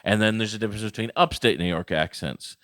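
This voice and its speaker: A man's voice: fairly low pitch, fast talker, a bit bright, no room sound, studio quality. A man co-hosting a comedy podcast, talking in a rambling, casual way with many restarts. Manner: rambling, loose, full of restarts and fillers. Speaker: podcast co-host. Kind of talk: casual chat.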